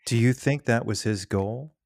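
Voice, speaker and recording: A man hosting an interview, asking short, calm follow-up questions. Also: mid-range voice, normal speed, creaky, no room sound, clean studio sound. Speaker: podcast host.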